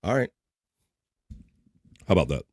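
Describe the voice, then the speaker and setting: A man's voice: a little slow, dry recording. A man hosting a casual live stream, reading viewer comments aloud and bantering with his chat. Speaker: livestream host reading chat. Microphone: studio microphone.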